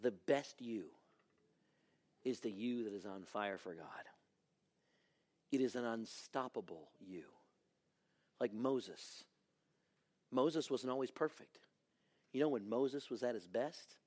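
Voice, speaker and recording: A middle-aged man, a pastor, preaching a sermon and swinging from hushed lines to shouting. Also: mid-range voice, animated, slow, long pauses.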